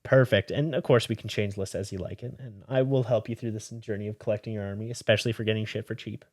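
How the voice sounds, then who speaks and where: A man hosting a casual podcast, talking in a somewhat low voice. He rambles in a relaxed, reassuring way and often restarts his sentences. The sound is dry, with no room echo. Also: fast. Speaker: podcast host. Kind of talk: casual chat.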